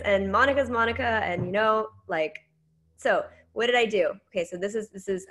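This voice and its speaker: A woman in her thirties giving a casual training talk, telling a story with lively quoted dialogue. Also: a little high. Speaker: network marketing trainer.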